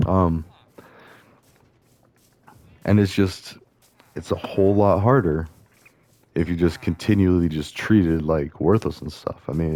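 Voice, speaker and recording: A man with a low voice talks over a video game he is playing. His tone is dark and mellow. He rambles loosely from idea to idea, thinking aloud with plenty of fillers and restarts. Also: dry recording. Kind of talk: casual rambling commentary over gameplay.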